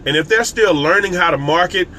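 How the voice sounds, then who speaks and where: A man with a notably high voice delivers a casual, emphatic business coaching talk to his live viewers. He repeats his points and speaks directly to the audience. There is a faint hum of noise behind him. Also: fairly quick, bright, forceful tone. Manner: casual and conversational, with frequent restarts. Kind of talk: live-streamed motivational talk.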